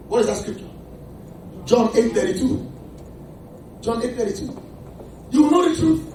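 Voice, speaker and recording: High, lively preaching man in echoey hall. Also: distant mic, background noise. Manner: emphatic preaching, quizzing the congregation. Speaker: pastor. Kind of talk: sermon. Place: church hall.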